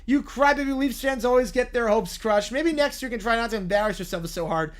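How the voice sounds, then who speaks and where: A man's voice: very high-pitched, fairly quick. A text-to-speech voice playing a gloating bald boy who taunts a sore loser. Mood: taunting. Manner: taunting, smug. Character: gloating bald boy bully, rival fan.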